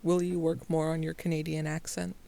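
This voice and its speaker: A man's voice: fairly high pitch, completely flat delivery, brisk, creaky, mellow. A man helping run a community meeting on a voice call, joking and reading out the agenda items. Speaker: meeting co-organizer. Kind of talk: casual meeting chat. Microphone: computer mic on a voice call.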